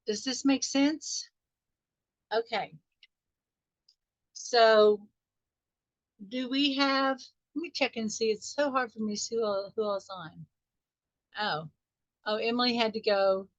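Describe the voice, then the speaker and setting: A woman hosting a live online coaching session, talking warmly and straight to her listeners and stretching out musing questions, heard over dull call audio. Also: fairly high pitch, no echo. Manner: warm, encouraging, talks straight to listeners. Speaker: wealth mindset coach hosting a weekly group. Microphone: video call microphone.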